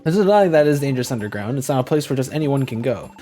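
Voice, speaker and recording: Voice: medium pitch, expressive, very fast, dark tone, soft background music, lightly acted. A streamer voicing a commanding guild leader who rallies rescue teams.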